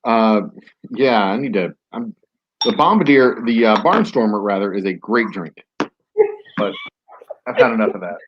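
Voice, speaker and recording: A man's voice: on the low side, normal speed, pauses often, muffled recording, slight background noise. A man hosting a podcast, telling a story casually, rambling with many fillers and restarts. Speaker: podcast host.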